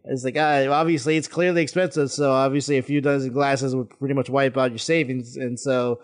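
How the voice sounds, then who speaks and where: A man's voice: medium pitch, steady tone. Podcast guy, ordinary voice, lots of um and like while he retells stuff. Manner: halting, many fillers and restarts. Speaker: podcast guest. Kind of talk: casual podcast chat.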